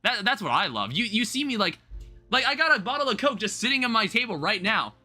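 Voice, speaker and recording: A man's voice: sits high, sing-song, quick pace, pushed and bright, faint music behind. A young man rambling through casual live-stream chat, swearing offhandedly as he talks to viewers from home. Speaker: livestreamer.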